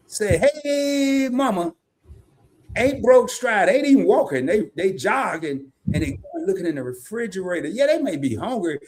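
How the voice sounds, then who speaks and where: A man with a Southern US accent co-hosting a live stream, chatting casually, joking and reading viewer comments aloud. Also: high-pitched. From American South. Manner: animated, folksy, jokes and reads chat comments aloud.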